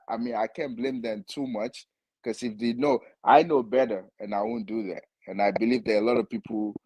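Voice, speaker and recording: A man with a low voice talks hesitantly, reflecting aloud as a caller. His voice sounds dry and close. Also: a little mellow, no room sound, rough recording. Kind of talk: live call-in debate.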